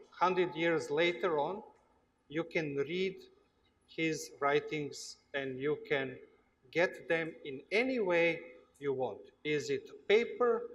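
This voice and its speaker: A man with a Slavic accent gives a workshop talk to students, his voice pitched a little above the usual for a man. He speaks very slowly, stopping often on "uh" and repeating himself as he searches for words. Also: a bit bright. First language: Slavic language. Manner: slow, halting, with frequent uh pauses and repeats. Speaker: guest lecturer. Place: lecture hall.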